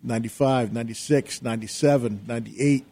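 A middle-aged man telling an animated story as a guest on a talk show, acting out his own shouting. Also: medium pitch, a little fast. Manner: lively storyteller who acts out his own yelling. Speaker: guest, real estate investor.

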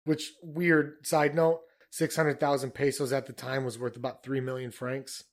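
A man's voice: mid-range voice, little pitch movement, moderate pace. A man rambling through a casual history chat, swearing and filling with "like" and "you know.". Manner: rambling, profane, filler-heavy.

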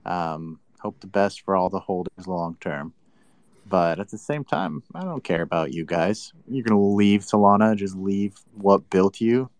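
A man's voice: sits low, a little slow, no room sound. A man talking crypto in a casual chat, combative and teasing with mock annoyance. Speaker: crypto commentator.

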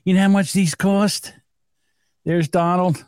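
A man's voice: high-pitched, fairly even intonation, unhurried, a little mellow, smooth, no room sound, studio quality. A man co-hosting a podcast in casual, teasing banter, rambling and laughing at his own jokes. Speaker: podcast co-host.

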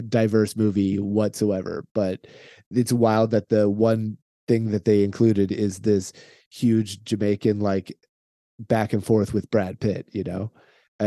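A man's voice: lowish voice, warm tone, no room sound. A man guesting on a casual film podcast, chatty and wry, laughing now and then. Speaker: podcast guest, co-host of another show.

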